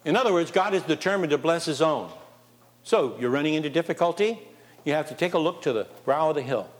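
A male preacher delivers an animated sermon, reading scripture aloud and firing questions at his listeners. His voice sits a little high for a man. The sound carries the long reverb of a large church hall. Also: fast. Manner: animated, asks the congregation questions. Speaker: pastor.

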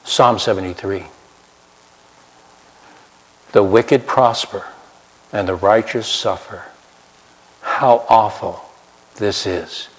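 A man preaching a sermon as pastor, swinging from loud emphatic highs to quiet low asides. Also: takes it slowly, pauses often. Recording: long hall reverb.

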